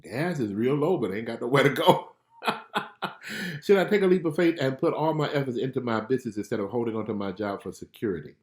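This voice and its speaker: A man's voice: mid-range voice, fast talker, few pauses, darkish tone. A man giving live prophetic readings in answer to viewers' questions. He talks in a casual, chatty way, laughs often and keeps checking in with his listeners. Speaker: prophet and spiritual life coach. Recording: roomy echo.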